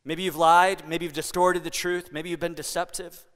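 High, bright-voiced male pastor preaching. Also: flat delivery, moderate pace, big-room sound. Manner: playful, joking with the congregation. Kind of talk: sermon. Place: church hall.

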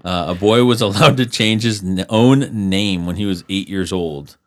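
A man co-hosting a podcast in casual chat, joking and acting out quick skits. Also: low-pitched. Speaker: podcast co-host.

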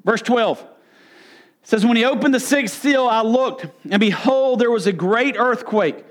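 A man preaching through a Bible passage, earnest and explanatory, with frequent fillers and throat clearing. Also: very high-pitched, unhurried. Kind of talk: Bible teaching sermon.

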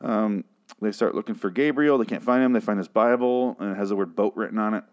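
A man's voice: fairly low pitch, fast, a little mellow. A man recapping and ranting about a TV episode in a sarcastic, profane, exasperated way. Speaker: TV episode reviewer. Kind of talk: casual recap and rant.

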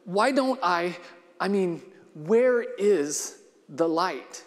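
A man's voice: sits high, expressive, normal speed. A man voicing a frustrated young man, newly given sight after a lifetime of blindness, who keeps pressing his questions. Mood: earnest. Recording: long hall reverb.

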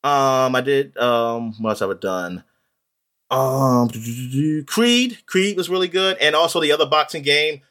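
A man's voice: fairly high pitch, normal speed, hardly any pauses, pushed and bright, smooth. A man chatting casually in a podcast, rambling with many ums and restarts. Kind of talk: casual chat about video games.

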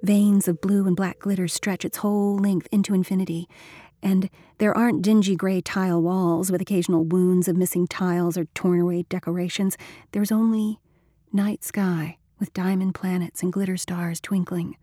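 A woman's voice: fairly low pitch, little pitch movement, normal speed, dark tone, no room sound, studio quality. A woman reading a first-person audiobook in a wry, slangy, conversational voice. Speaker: audiobook narrator.

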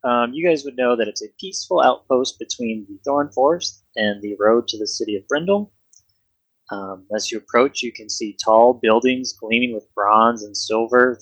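A game master narrating a tabletop game in a relaxed, hesitant way with many pauses. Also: medium pitch, husky, no echo, rough recording.

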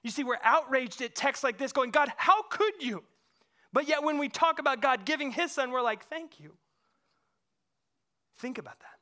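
Guy preaching in church, high bright voice, gets loud then drops real quiet. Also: fast, few pauses. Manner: impassioned, swings from loud to hushed. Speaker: pastor. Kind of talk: sermon. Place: church sanctuary.

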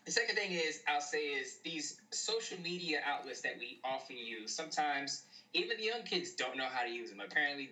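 Earnest, very bright-voiced man, a bit off-mic. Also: mid-range voice, distant mic, low-quality recording. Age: late 20s. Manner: earnest, opinionated, measured. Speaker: podcast co-host. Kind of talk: casual sports chat.

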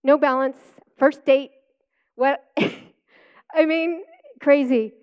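Middle-aged female preacher with a high voice, chatty testimony storyteller who laughs easily. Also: steady tone, drawn-out words, highs cut off. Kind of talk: personal testimony sermon.

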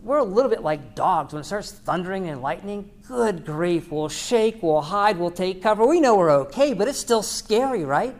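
A woman's voice: mid-range voice, animated, moderate pace, hardly any pauses, darkish tone. A woman podcast host giving an earnest devotional talk, preaching with repeated phrases.

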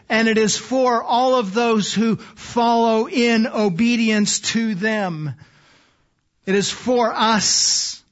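A man preaching a sermon, earnest and deliberate, often dropping to a soft, low voice for emphasis. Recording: slightly dull, lo-fi sound.

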